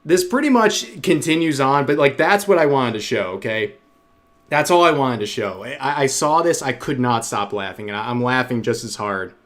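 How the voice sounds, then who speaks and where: A man's voice: medium pitch, expressive, normal speed, fairly bright tone. A man hosting a stream, mocking a clip in casual reaction commentary and reading donations aloud. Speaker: streamer host.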